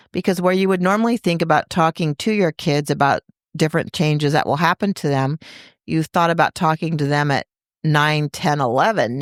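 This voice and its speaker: A woman's voice: low voice, dry recording, studio quality. A middle-aged woman co-hosting a podcast, speaking in a thoughtful, earnest and supportive way. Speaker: podcast co-host. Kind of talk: casual podcast chat.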